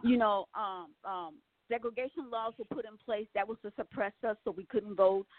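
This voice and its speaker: A woman's voice: mid-range voice, moderate pace, no echo. A woman calling into a talk radio discussion, earnest and hesitant, with many fillers. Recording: dry tinny phone line.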